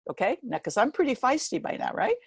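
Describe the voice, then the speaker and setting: A woman in her seventies giving a motivational speech, telling a story with lively energy and acting out the other voices in it. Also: sits high, quick pace, gravelly, husky, no echo. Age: 70s. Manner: lively storyteller who acts out the quoted voices. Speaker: guest speaker.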